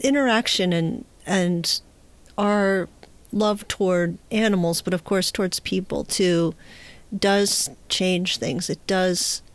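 A woman host responding to her guest in a halting, thoughtful way. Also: lowish voice, fairly even intonation. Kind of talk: interview conversation.

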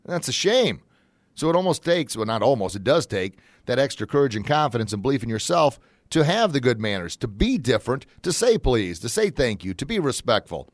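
A man hosting his own motivational talk show in a folksy, upbeat manner that jumps into excited shouts when he acts out examples. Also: medium pitch, fairly quick, no echo.

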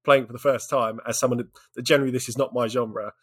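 A man co-hosting a relaxed video game podcast, gushing about what he has been playing. His voice is husky and his tone is self-deprecating, broken up by frequent laughter. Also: mid-range voice, fast talker. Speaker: podcast co-host. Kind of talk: casual chat about video games.

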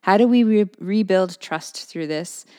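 A woman's voice: mid-range voice, unhurried, warm tone, dry recording. A woman co-hosting a podcast, teasing in a dry way and reading a listener's letter aloud steadily.

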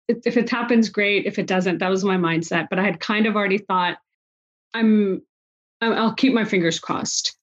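Woman in her forties, slightly dull audio. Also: mid-range voice. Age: 40s. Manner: emotional, storytelling with quoted dialogue. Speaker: guest. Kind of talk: conversational interview.

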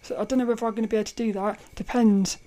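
A woman hosting a casual solo podcast, telling a story in a rambling, animated way, often laughing and restarting her sentences. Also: on the high side, rapid-fire. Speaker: podcast host.

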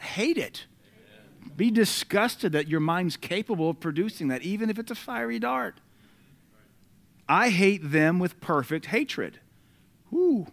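A man, preaching a sermon and swinging between loud declarations and quiet asides. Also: on the high side. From United States.

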